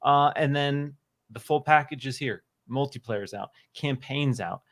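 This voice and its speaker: A man's voice: mid-range voice, measured pace, fairly bright tone. Enthusiastic male guest on a gaming stream. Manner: enthusiastic, emphatic opinions. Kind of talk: casual livestream chat.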